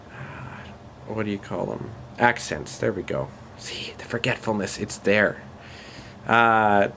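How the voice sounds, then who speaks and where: A man's voice: lowish voice, a little hiss or hum. Brief Rambling Canadian man in his thirties. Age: 30s. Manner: rambling, self-deprecating, with fillers and pauses. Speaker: vlogger. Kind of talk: casual late-night vlog.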